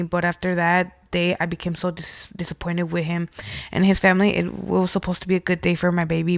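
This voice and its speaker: A young woman with a gravelly, creaky, somewhat low voice hosts a casual podcast, reading listener stories aloud and reacting bluntly with plenty of swearing. The sound is dry and close, with no room echo.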